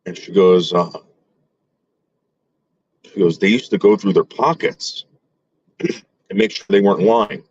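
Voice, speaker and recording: Rambling man telling a story, low voice. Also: unhurried, long pauses, darkish tone, husky, no room sound, muffled recording. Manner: rambling, lots of fillers and restarts; acts out quoted relatives with voice shifts. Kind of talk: casual storytelling.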